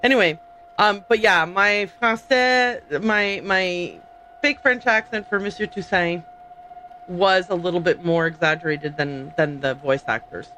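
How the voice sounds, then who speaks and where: A woman's voice: fairly low pitch, unhurried, bright, forceful tone, slight background noise. A middle-aged woman streaming a story game, chatting playfully and laughing as she tells stories. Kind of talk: casual livestream commentary.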